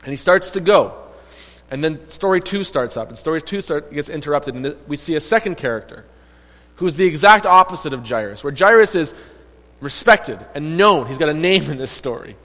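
A man preaching a sermon, retelling a story in a lively, emphatic way and voicing the quoted characters. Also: a little high, a little fast. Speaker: pastor. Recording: long reverb of a hall.

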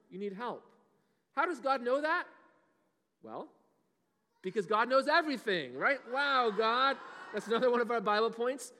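A man in his thirties giving a lively children's sermon, often asking the kids questions. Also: sits high. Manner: animated, asks the kids questions. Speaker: children's pastor. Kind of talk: kids' sermon. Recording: long hall reverb.

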